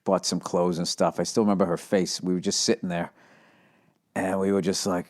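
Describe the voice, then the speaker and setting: A man's voice: sits low, steady tone, fairly quick, darkish tone. A man hosting his own podcast, rambling loosely and swearing as he tells stories. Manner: loose, profane, storytelling. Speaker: podcast host. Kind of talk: casual solo rambling.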